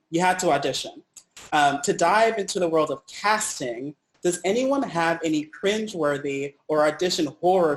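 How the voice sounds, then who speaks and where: A man moderating a panel discussion, thanking the guests warmly and inviting their stories. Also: on the high side, rough recording. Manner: encouraging, gently thanks the speakers.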